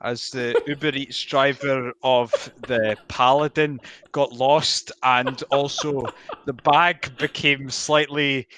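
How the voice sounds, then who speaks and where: Man, bright tone, mock-formal, sheepish, mid pitch. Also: fairly even intonation, slow. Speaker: player. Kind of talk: casual chat on a game stream.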